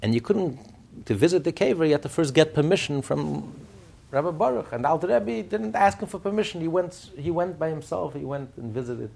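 Gravelly, husky-voiced man teaching Torah. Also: a little high, animated, a little fast, a little mellow. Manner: fires rhetorical questions, storytelling. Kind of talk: Chassidic Torah lesson.

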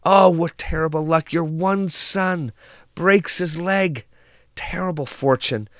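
A man voicing a group of frantic, excitable village neighbors in a storytold parable, with high, breathless exclamations. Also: takes it slowly, no echo, studio quality.

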